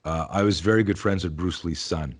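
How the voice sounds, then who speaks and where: Man in his fifties, very deep voice, husky, animated storyteller, swears freely. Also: brisk. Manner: animated anecdote-telling, swears freely, acts out dialogue. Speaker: self-defense teacher, guest. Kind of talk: podcast interview storytelling.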